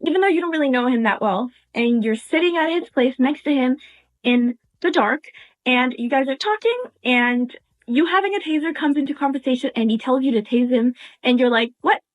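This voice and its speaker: A young woman tells a casual story aloud, walking the listener through it in the second person and slipping into quoted dialogue. Her voice sits high. The sound is narrow and tinny, like a phone recording. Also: brisk.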